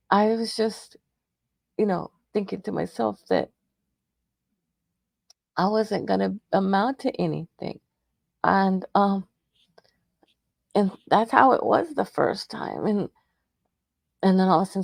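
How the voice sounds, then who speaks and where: A radio show host, a middle-aged Texan woman, rambles through a personal story with emotion, frequently restarting sentences. Her mid-range voice carries vocal fry and a slightly mellow quality. The recording is studio quality, free of echo.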